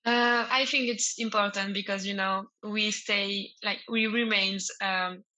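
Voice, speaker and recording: Bright-voiced French woman guest. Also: mid-range voice, steady tone, measured pace, rough recording. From France. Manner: searching for English words, laughs often. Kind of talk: casual podcast chat.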